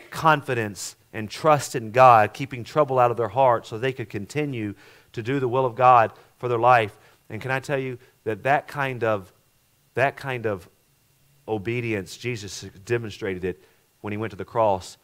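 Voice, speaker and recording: A middle-aged man, a pastor, preaching a sermon that swings between loud emphatic passages and hushed ones, often repeating words and asking the congregation questions. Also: mid-range voice.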